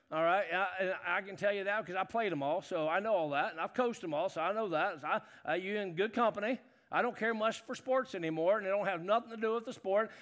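Brief: middle-aged pastor, high-pitched, folksy sermon delivery that rises to shouts. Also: male voice. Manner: folksy, swings from low talk to loud shouting.

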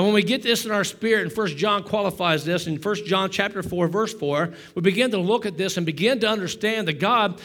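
A middle-aged male pastor delivering a sermon, exhorting the congregation in a repetitive preaching cadence that builds to loud fervor. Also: sits high, fairly quick, few pauses. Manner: self-deprecating asides to the congregation.

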